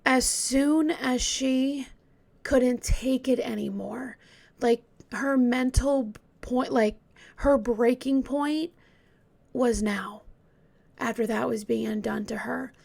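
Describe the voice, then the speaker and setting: A woman telling a true crime story in a casual, hesitant way, often dropping into a hushed whisper. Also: on the high side, vocal fry.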